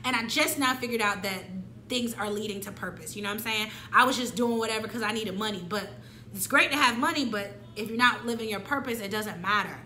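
A woman in her twenties tells a candid personal story, lively and slangy, and she acts out the things she once said. Her voice is bright and a little high. The room is echoey, with a faint hum of ambience behind her. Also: a little fast. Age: 20s. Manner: animated, slangy, acts out her own past lines. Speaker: vlogger.

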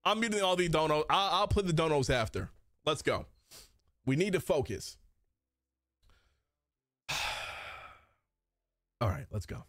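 A young man livestreaming and reacting to his chat, loud, excitable and swearing, recorded on a desk mic indoors. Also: on the high side, takes it slowly, pauses often, no echo, clean studio sound. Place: indoor streaming setup.

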